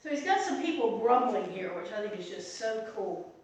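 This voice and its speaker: A woman's voice: medium pitch, expressive, normal speed, a little mellow. A middle-aged woman pastor leading an informal Bible study, talking conversationally with asides, recorded from a distance in a church meeting room. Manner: conversational, chatty with asides and restarts. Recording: echoey room from far off.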